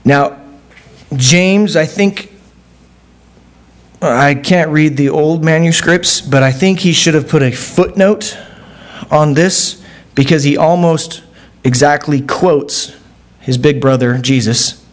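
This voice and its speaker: A man preaching a sermon in a conversational way, checking in with the congregation with frequent asides and climbing in pitch when he quotes scripture. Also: slow pace, long pauses. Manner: animated, pitch jumps when quoting. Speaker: pastor.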